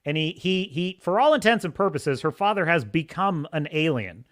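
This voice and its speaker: A man's voice: on the high side, very animated, normal speed, fairly bright tone. A man hosting a livestream podcast, chatting casually and enthusiastically, rambling and laughing often. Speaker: podcast host.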